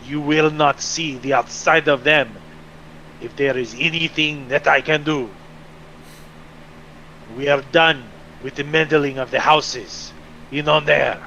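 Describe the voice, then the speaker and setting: Brief: man voicing a cold, contemptuous jailer, slow and firm, muffled lo-fi recording. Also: on the high side, steady tone, bright, forceful tone, slight background noise, exaggerated voice. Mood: scornful.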